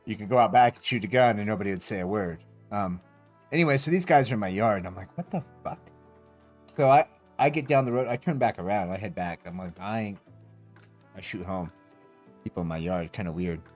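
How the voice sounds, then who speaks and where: While streaming a game, a man with a lowish voice tells a long, rambling story at a fast clip, swearing often and laughing throughout his animated retelling. Soft music plays in the background.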